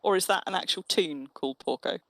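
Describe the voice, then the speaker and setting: A woman's voice: lowish voice, brisk, fairly bright tone, dry recording. A woman chatting casually and teasingly while streaming an online game. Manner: chatty, teasing, restarts phrases. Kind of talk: casual gaming chat.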